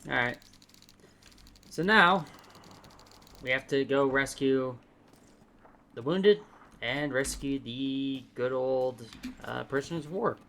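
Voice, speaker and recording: A man's voice: medium pitch, takes it slowly, pauses often, bright, forceful tone. A man casually commenting on a shooter game he is playing, with sarcastic asides to his teammates. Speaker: gaming channel host. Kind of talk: gameplay commentary.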